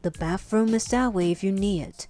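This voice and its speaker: A woman voicing a big male dragon cook, speaking low, slow and calm with a slight growl, in a game let's play. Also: natural voice. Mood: kind. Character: huge red male dragon cook, gentle and soft-spoken. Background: faint game music.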